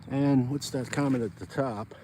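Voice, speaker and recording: A man's voice: mid-range voice, normal speed, mellow, a little hiss or hum. A man, chatting rambly to viewers while ice fishing outdoors on a frozen pond. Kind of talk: casual outdoor vlog chat.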